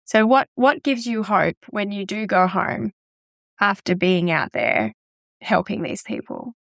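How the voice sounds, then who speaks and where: A woman's voice: medium pitch, animated, unhurried, vocal fry, fairly bright tone, dry recording, studio quality. Effusive woman host. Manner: effusive, emotional reactions. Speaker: podcast host. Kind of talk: warm interview wrap-up.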